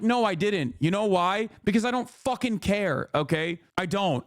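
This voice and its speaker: Streamer, male, high voice, dry close mic, heated profane rant. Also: animated, moderate pace, few pauses, dry recording. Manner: profane, exasperated, repeats himself. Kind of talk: livestream commentary rant.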